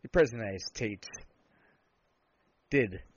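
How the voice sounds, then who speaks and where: A man's voice: lowish voice, lively intonation, normal speed, slight background noise. A man co-hosting a podcast in casual chat, talking bluntly and sarcastically in long rambling turns. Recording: dull lo-fi sound.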